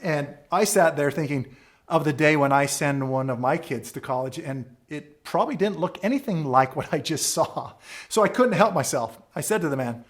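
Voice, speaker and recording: A man tells a story as a leadership speaker, earnest and dramatic. His voice sits a little higher than most men's. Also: expressive, normal speed. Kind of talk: motivational storytelling.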